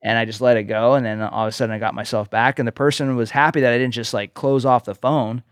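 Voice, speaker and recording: A man's voice: mid-range voice, steady tone, quick pace, no room sound, studio quality. A man co-hosting a podcast, telling a personal story in an earnest way and often checking in with "okay?". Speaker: podcast co-host, coach. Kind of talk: casual podcast conversation.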